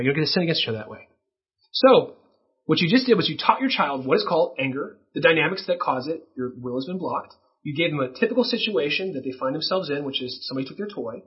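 Husky-voiced man preaching on parenting. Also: fairly high pitch, highs cut off. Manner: earnest teaching, acts out child role-play softly. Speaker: pastor. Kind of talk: sermon on parenting.

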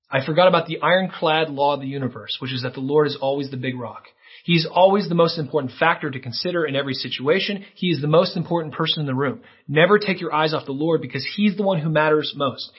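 Man, sermon, husky voice, earnest animated preaching, muffled recording. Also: fairly high pitch. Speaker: pastor.

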